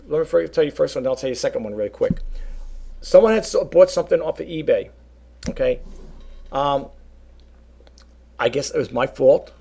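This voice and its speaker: A man talking casually to his viewers about reselling, rambling and animated, often calling them folks. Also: fairly high pitch, vocal fry, breathy edge. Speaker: reseller vlogger. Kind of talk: casual talk to camera.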